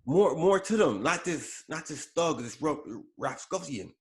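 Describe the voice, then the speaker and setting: A man's voice: on the high side, lively intonation, unhurried. Rambling man on a casual podcast. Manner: rambling, self-correcting, frequent fillers. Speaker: podcast co-host. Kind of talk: casual pop culture chat.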